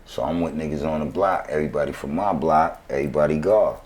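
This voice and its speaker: A man from New York speaks fast in a rumbling low, slightly mellow voice while telling his story as a guest on a casual interview. He leans on laid-back street slang and checks in with "right?" again and again.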